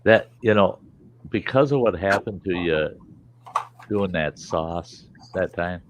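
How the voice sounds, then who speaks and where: A man's voice: low voice, takes it slowly, background noise. A man hosting a livestream, telling rambling, salty stories in casual chat and acting out the voices of the people in them. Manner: salty, rambling anecdotes with lively quoted voices. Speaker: host. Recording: dull lo-fi stream audio.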